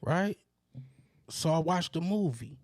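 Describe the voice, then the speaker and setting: A man's voice: a little high, slow, no echo, studio quality. A man co-hosting a podcast, chatting casually and acting out stories. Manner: animated storyteller, acts out quotes in a raised voice. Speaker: podcast co-host. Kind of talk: casual chat.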